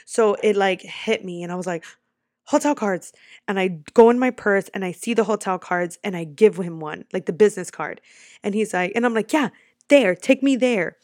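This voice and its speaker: Animated, swearing young woman storyteller. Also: medium pitch, brisk. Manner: animated, profane, filler-heavy storytelling. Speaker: vlogger. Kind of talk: casual storytime.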